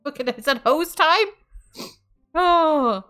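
A woman's voice: high voice, lively intonation, takes it slowly, bright, forceful tone, soft background music. A playful young woman streaming a game, chatting and laughing often. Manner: giggly, playful, swears.

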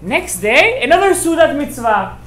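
A man's voice: extremely high pitch, sing-song, normal speed, a bit bright. Man, rabbi, informal sermon, emphatic storyteller, Hebrew and Yiddish terms, echoey room. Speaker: rabbi giving a Torah class.

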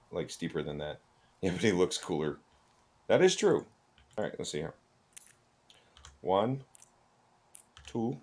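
A man's voice: sits low, slightly rough. A male streamer giving chatty, jokey gameplay commentary while thinking aloud.

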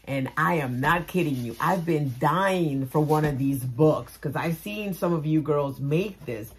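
Low-voiced woman gushing over craft mail. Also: measured pace. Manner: gushing, exclamatory, repeats phrases; swings between soft murmurs and loud squeals. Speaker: crafting vlogger. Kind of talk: casual unboxing chat to camera.

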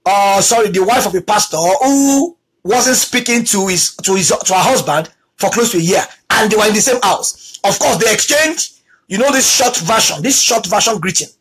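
A preacher giving a talk on abuse in marriage, repeating key lines for emphasis and acting out quoted spouses in a lower voice. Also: animated, moderate pace, fairly bright tone, slightly rough, low-quality recording. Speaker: teacher on marriage.

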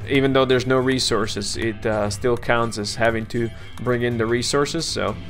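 A man casually commenting on his game, coaxing his colonists, grumbling and swearing at setbacks, and clearing his throat now and then. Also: medium pitch, fairly even intonation, moderate pace, a bit bright, faint music behind. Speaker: let's play gamer.

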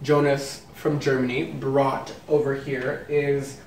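A man's voice: medium pitch, flat delivery, slow pace, a little mellow. A man hosting a casual candy-tasting video, playful and easily delighted. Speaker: vlogger host. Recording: roomy echo, from a distance, faint noise.

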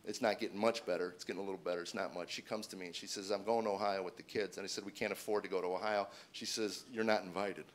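A man's voice: low-pitched, fast talker, hardly any pauses, a little hiss or hum. A man in his forties doing stand-up, telling a self-deprecating personal story and acting out the dialogue with his wife in shifting voices. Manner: self-deprecating, acts out dialogue in shifting voices, rises to excited near-shouts. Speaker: stand-up comedian. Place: stage before a live audience.

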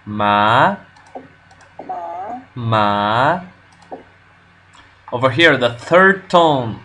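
A man working through a language lesson on his own, nervous and unsure of himself, pausing often with fillers. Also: mid-range voice, bright, forceful tone. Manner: nervous, self-doubting, halting with fillers. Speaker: language learner vlogger. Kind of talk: casual self-recorded lesson commentary.

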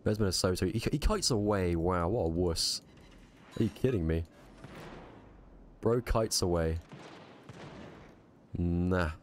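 A man streaming a naval battle game live, muttering quick reactive commentary to himself with a strained voice. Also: deep voice, lively intonation, slight background noise.

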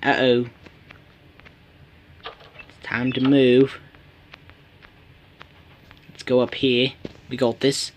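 A man's voice: medium pitch, flat delivery, extremely slow, long pauses, a little hiss or hum. A man giving solo gameplay commentary, talking to himself in a pleading, playful way. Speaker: gamer.

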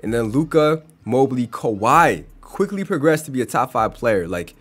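A man's voice: medium pitch, very animated, normal speed, fairly bright tone. A young man casually commenting on a basketball video game simulation, chatty and reacting as results come in. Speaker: gaming YouTuber.

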